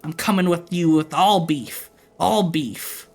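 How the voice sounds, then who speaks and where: A man's voice: fairly high pitch, takes it slowly, gravelly, darkish tone, soft background music. A man livestreaming, ranting casually and profanely to his chat.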